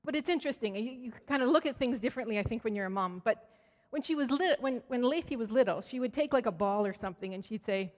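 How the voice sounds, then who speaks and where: A woman's voice: a little high, expressive, quick pace. A woman giving a conversational sermon at a church, telling stories and acting out quoted voices. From Canada. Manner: storytelling, acts out quoted voices, frequent restarts. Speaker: speaker at church. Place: church sanctuary. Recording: church hall with long reverb.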